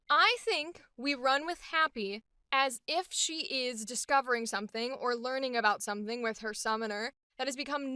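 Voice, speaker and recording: A woman voice actor and host chats with enthusiasm while she talks through the voices she builds. Her voice is bright and clear and sits a little high, and it is heard up close and dry. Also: no room sound. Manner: chatty and enthusiastic, thinking aloud. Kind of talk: voice acting demonstration.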